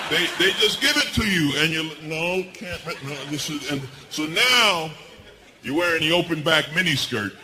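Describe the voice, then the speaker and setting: Animated middle-aged male stand-up comedian. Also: background noise. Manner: animated storytelling, jumps high for punchlines. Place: comedy stage before a laughing audience. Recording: live show with audience laughter.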